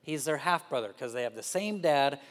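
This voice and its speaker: Animated male preacher in a reverberant hall. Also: mid-range voice, moderate pace. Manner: animated storytelling, acts out characters' voices. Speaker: guest preacher. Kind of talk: sermon. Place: church sanctuary.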